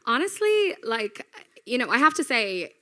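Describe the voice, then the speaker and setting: A woman's voice: a little high, sing-song, unhurried, fairly bright tone. A woman from Ireland with a mixed Irish, American and English accent, a radio presenter chatting candidly as a guest. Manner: candid, swears casually, laughs often. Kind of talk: casual chat.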